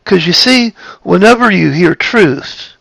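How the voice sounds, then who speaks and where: A man giving a reflective spiritual talk, halting and repeating his phrases, shifting his tone of voice for emphasis. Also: sits high, lively intonation, creaky, fairly bright tone, no room sound. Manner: plays with tone of voice for emphasis. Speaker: spiritual speaker.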